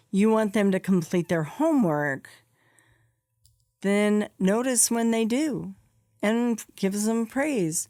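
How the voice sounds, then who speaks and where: A woman's voice: mid-range voice, a little mellow, no room sound, clean studio sound. A woman podcast host and psychologist giving direct, practical advice, stressing her key points and checking in with "okay?". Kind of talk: advice monologue.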